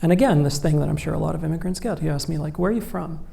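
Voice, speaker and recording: A man's voice: fairly high pitch, fairly even intonation, rapid-fire, creaky, warm tone. A man, telling wry stories with many "like" and "you know" as a guest author on stage. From Egypt. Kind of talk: conversational storytelling on stage.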